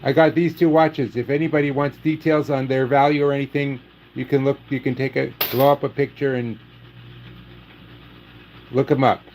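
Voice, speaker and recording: A man hosting a casual livestream, joking in a dry, deadpan way and saying he is losing his voice. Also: mid-range voice, moderate pace, a little hiss or hum, low-quality recording. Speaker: livestream host.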